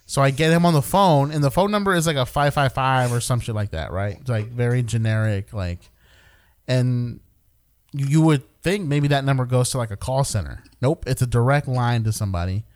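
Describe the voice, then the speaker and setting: A man's voice: mid-range voice, expressive, brisk. A man telling a rambling, profane story in casual chat with friends, often laughing. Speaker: podcast regular telling a story.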